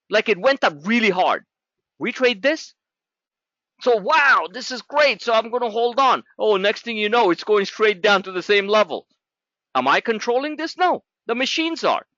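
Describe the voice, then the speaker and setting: A man's voice: high-pitched, pushed and bright, no room sound, muffled recording. A man teaching a live trading class in a blunt, sarcastic, scolding way. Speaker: trading educator.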